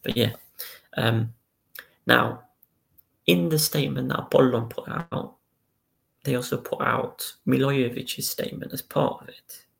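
A man's voice: mid-range voice, steady tone, a little slow, vocal fry, pauses often, fairly bright tone. A man co-hosting a casual football podcast, recounting the news step by step and reading out statements. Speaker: podcast co-host.

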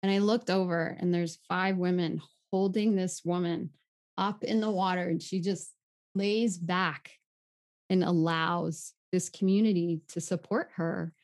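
A woman who leads retreats, a guest telling a story in an earnest, gentle way. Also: fairly low pitch, fairly even intonation, a little slow. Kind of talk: conversational storytelling.

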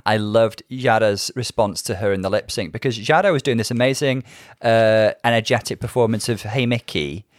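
A man's voice: lowish voice, moderate pace, no echo, clean studio sound. A man co-hosting a casual chat, talking things through in a thoughtful, analytical way. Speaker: podcast co-host.

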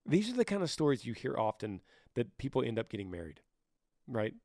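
A man talks through listener questions in a relaxed, heartfelt way, his voice slightly scratchy and worn. He sits at a middling pitch and circles back on his words as he thinks aloud. The sound is close and dry, with no room around it. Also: gravelly, no room sound. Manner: earnest, conversational, with restarts and soft laughs. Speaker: podcast host. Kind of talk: casual advice talk.

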